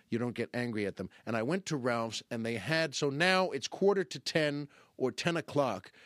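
A middle-aged man hosting a podcast, telling a comic story in an animated, wry, mock-exasperated way, with stammered restarts. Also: medium pitch, no echo, clean studio sound. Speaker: podcast host.

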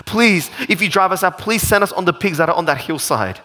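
A man's voice: high voice, expressive, brisk, pushed and bright. A man voicing whimpering, pleading demons. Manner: weak, pleading whine. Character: pathetic cowering demons begging for mercy.

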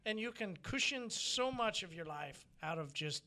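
Man, high lively voice, bright tone, teasing, laughing, podcast co-host. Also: moderate pace. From Oklahoma. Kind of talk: casual banter.

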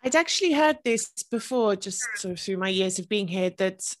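A woman's voice: mid-range voice, expressive, moderate pace. A woman from the United Kingdom, hosting a casual interview in a chatty, hedging way. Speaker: host.

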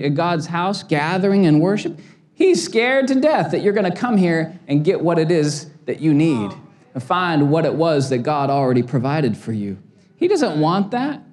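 A man's voice: fairly high pitch, darkish tone. A man in his forties, a pastor preaching a sermon with passion and humorous stories. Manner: impassioned, storytelling with humor.

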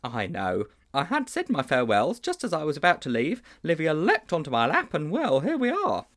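A man playing a fretful, lovesick middle-aged schoolmaster in a storybook reading, who stammers through his confessions and swoops up in pitch when he frets. His voice is raised well above a plain reading voice and rises and falls widely. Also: wildly swooping pitch, normal speed, fairly bright tone, full character voice. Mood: flustered. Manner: fretful, stammering, dramatic wailing.

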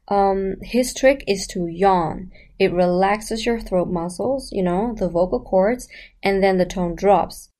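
A woman's voice: medium pitch, measured pace, mellow. Woman coaching on voice, casual lesson, talks right at you, lots of "right?" questions. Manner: chatty, direct to the listener, asks rhetorical questions.

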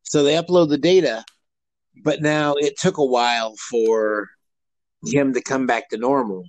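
A man talks casually as a podcast co-host, rambling and restarting his sentences, with plenty of fillers. His voice sits at an ordinary middle pitch. The sound is dry and close, with no room around it. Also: a little slow, dry recording, low-quality recording. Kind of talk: casual chat.

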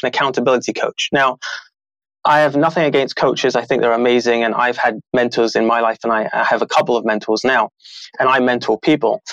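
Lively man telling stories on a podcast. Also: medium pitch, dry recording, low-quality recording. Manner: animated, acts out quoted voices, laughs often. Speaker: podcast guest, author. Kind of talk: casual interview storytelling.

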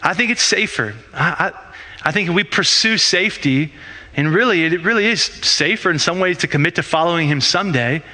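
A pastor delivers a sermon in a loose, conversational style. He uses rhetorical questions and often restarts his sentences. His voice sits high and rings very bright. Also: animated, brisk.

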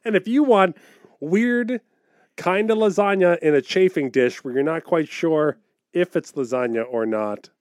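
A man co-hosting a podcast in casual chat, animated and swearing, laughing often. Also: fairly high pitch, a little slow, no room sound, studio quality. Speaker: podcast co-host.

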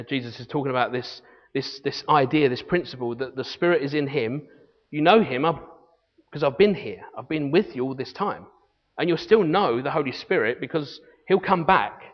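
A man preaching a sermon, teaching earnestly and reading scripture aloud. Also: mid-range voice. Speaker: pastor. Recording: long hall reverb, dull lo-fi sound.

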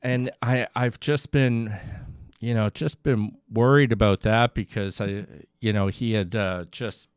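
A man hosting a podcast, talking in a halting, thoughtful way with frequent restarts. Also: fairly low pitch, steady tone, clear, resonant tone, no room sound, studio quality. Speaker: podcast host. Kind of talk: casual podcast conversation.

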